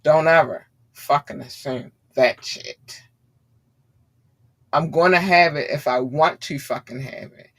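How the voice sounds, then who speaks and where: A woman's voice: low-pitched, takes it slowly. A woman hosting a podcast, ranting bluntly and swearing freely in heated commentary. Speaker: podcast host.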